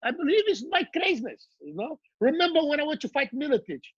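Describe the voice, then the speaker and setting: A middle-aged man from Brazil with a Brazilian Portuguese accent, telling animated stories in casual chat, often laughing and repeating words. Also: very high-pitched, fast talker, dry recording, muffled recording. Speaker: guest. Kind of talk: casual storytelling.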